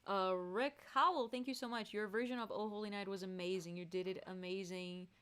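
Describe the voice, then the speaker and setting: A woman's voice: mid-range voice, steady tone, a little fast, fairly bright tone, smooth. A young adult woman chatting casually between songs on her live stream, laughing often as she talks. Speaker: musician hosting a live stream.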